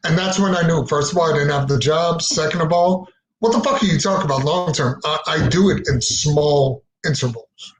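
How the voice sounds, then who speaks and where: A man's voice: a little high, moderate pace, a little hiss or hum. A man hosting a casual podcast chat, blunt and wry, with plenty of swearing. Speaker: podcast host. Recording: roomy echo.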